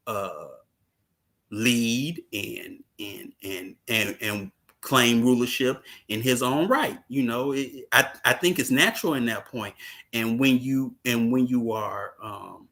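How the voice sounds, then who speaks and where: A man co-hosting a ministry podcast, talking in a halting way with repeated words and fillers. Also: medium pitch, fairly bright tone. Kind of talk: casual chat.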